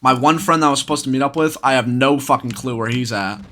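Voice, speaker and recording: Give me a young man with a bright, forceful voice telling a profane, rambling story. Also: mid-range voice, fast. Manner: profane, rambling, swears constantly. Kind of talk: casual storytime commentary.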